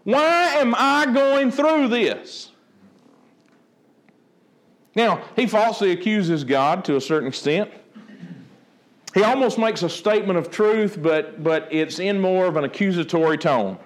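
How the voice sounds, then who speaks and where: A male pastor preaching a sermon, acting out the dialogue of the story with a lively voice. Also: high voice, moderate pace. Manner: animated, acts out the dialogue of the story.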